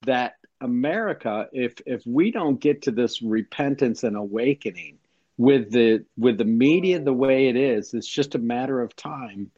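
A man's voice: mid-range voice, lively intonation, a little slow, a little mellow, dry recording, highs cut off. A man calling into a talk show, earnest and matter-of-fact. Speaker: caller. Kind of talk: casual call-in chat.

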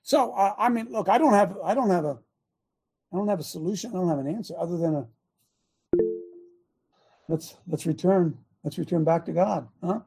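A man hosting a preaching talk show as a pastor, sarcastic and bursting into shouts. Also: high-pitched, normal speed, long pauses, slightly rough, soft background music. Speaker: pastor and radio host.

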